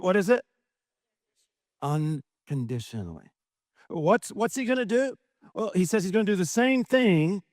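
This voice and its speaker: A middle-aged man preaching a sermon as a pastor, animated, asking many rhetorical questions and acting out quoted voices. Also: sits high, dry recording, studio quality.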